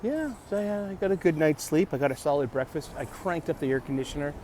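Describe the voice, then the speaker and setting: A man vlogging in a casual rambling monologue outdoors at a bus stop, halting and restarting words, with jokey asides. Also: on the high side, darkish tone. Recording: busy street noise around the mic. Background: passing traffic.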